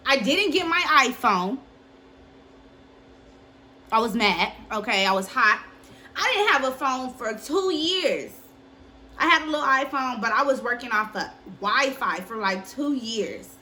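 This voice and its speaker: A young woman casually telling a personal story on her vlog, candid and profane, with lively delivery. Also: sits high, measured pace, pauses often, a little hiss or hum. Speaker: vlogger.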